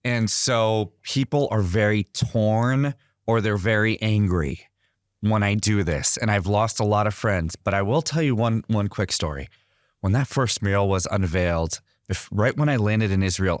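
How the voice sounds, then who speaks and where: Earnest man telling stories, low voice. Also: normal speed, dry recording, studio quality. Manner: earnest storyteller. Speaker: guest artist. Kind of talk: interview conversation.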